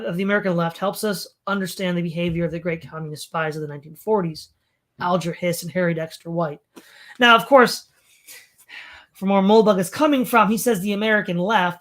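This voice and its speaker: A stream host with a mid-pitched, fairly bright voice reads long passages aloud into a home mic. Sarcastic commentary and asides keep interrupting the reading.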